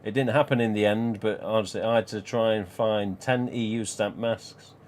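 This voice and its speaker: This man's voice is lowish and darkish, with fairly even intonation and a moderate pace, over slight background noise. He's a live stream host and collector who talks casually, rambling and chuckling frequently.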